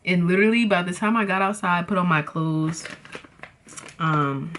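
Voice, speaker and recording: Animated young woman telling a storytime. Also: on the low side, moderate pace, a little hiss or hum. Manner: animated, dramatic, slangy, addresses viewers as y'all. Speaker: vlogger. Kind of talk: casual storytime chat.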